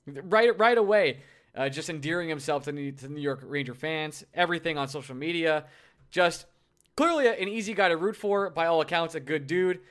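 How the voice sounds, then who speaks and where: A man co-hosting a casual sports podcast, talking in an animated, joking and self-deprecating way. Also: on the high side, brisk. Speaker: podcast co-host.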